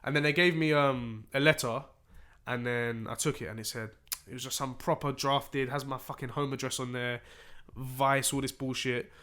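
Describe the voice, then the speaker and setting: A man's voice: mid-range voice, steady tone, normal speed, bright, forceful tone. A young man, a podcast guest telling a story in casual slang, swearing freely and acting out dialogue.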